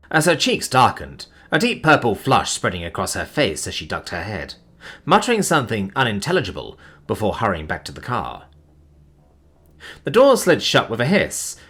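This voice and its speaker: A man narrating a science fiction story as an audiobook reader, with an expressive reading. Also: lowish voice, slightly rough.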